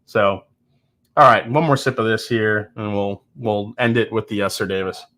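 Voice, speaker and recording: A man with a low-leaning but fairly bright voice speaks at a normal speed while hosting a live whiskey-tasting stream. He answers viewer comments in a candid, joking way, frequently restarting and laughing.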